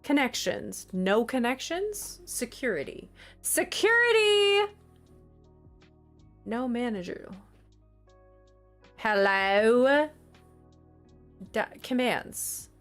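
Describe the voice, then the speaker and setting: Flustered woman streamer, very lively pitch. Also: a little slow, few pauses, faint music behind. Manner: flustered, exasperated, apologetic. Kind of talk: casual livestream chat.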